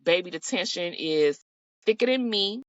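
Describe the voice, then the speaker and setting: A woman's voice: lowish voice, animated, moderate pace, no echo. A woman hosting a casual reality TV recap, talking in a sassy, blunt and profane way with slangy asides. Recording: slightly dull, dry recording.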